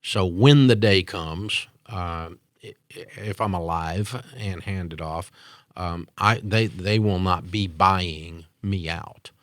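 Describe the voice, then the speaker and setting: Older man, very low voice, blunt interview answers, fillers, dry close sound. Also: slow pace, a bit bright, no echo. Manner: blunt, opinionated, with frequent fillers. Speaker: business owner and guest.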